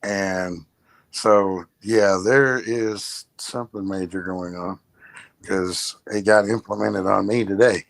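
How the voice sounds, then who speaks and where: Low-voiced man chatting as co-host. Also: fairly even intonation, slow pace, gravelly, dry recording. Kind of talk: casual talk-show chat.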